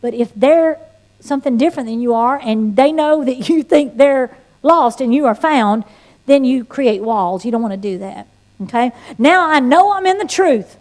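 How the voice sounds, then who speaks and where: A woman leads an evangelism class, speaking in a high, bright register. She teaches in a sermon-like way and weaves in her own testimony. Her delivery is folksy and lively, with playful asides. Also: normal speed.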